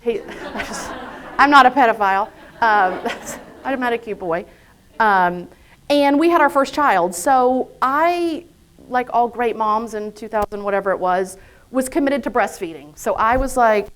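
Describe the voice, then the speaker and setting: A woman's voice: fairly high pitch, unhurried, fairly bright tone. A woman giving a live motivational talk to an audience in an event room, a chatty, self-deprecating storyteller who acts out her own inner thoughts. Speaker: invited speaker.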